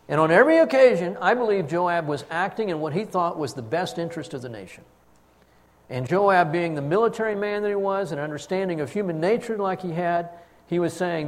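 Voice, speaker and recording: A man's voice: high voice, lively intonation, brisk. Man preaching a storytelling sermon. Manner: storytelling, with emphatic swings in loudness.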